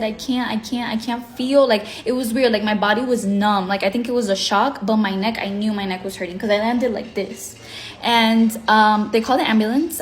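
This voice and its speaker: A woman vlogger telling a dramatic get-ready-with-me story, acting out her own reactions and switching languages mid-sentence. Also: mid-range voice. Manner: mixes English and Spanish mid-sentence.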